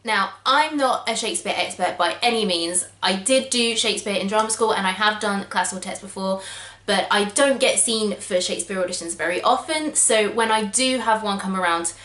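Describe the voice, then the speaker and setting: A woman's voice: medium pitch, normal speed, a bit bright. A woman actor talking to a camera on a tripod, chatty and upbeat as she explains her method step by step. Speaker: actor sharing audition tips. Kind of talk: casual instructional vlog to camera. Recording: echoey room.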